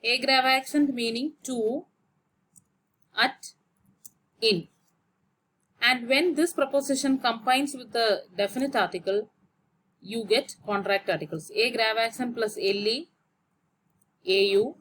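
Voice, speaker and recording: Slow, careful woman teaching grammar. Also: on the high side, a bit bright, slight background noise. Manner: slow, explains step by step and spells out letters. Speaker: French teacher. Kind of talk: grammar lesson.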